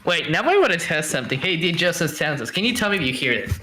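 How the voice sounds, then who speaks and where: A man's voice: a little high, sing-song, fast, few pauses, pushed and bright. A man co-hosting a podcast over a voice call, chatting casually, thinking aloud and often trailing off mid-sentence. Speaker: podcast co-host.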